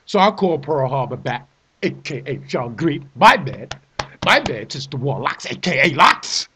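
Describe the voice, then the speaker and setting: Man, comic rant, theatrical, repetitive, shouting bursts, very lively pitch. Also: normal speed, husky. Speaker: vlogger ranting about a fantasy football trade.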